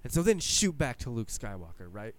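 Man, casual podcast chat, excitable, swears, mid-pitched voice. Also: a little fast. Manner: animated and swearing, acts out his own reactions.

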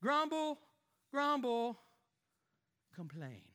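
A man's voice: very high voice, very animated, very slow, a bit bright, long reverb tail, slight background noise, exaggerated voice. A man playing a sulky, grumbling churchgoer. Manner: muttering complaints under his breath, fake cheer to others. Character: grumbling married male churchgoer, sulky and petty. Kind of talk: comic skit within a sermon.

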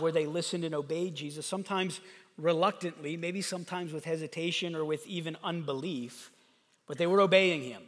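A man preaching a sermon in a conversational, animated way that builds to fervent emphasis. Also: fairly high pitch. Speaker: pastor. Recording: long hall reverb.

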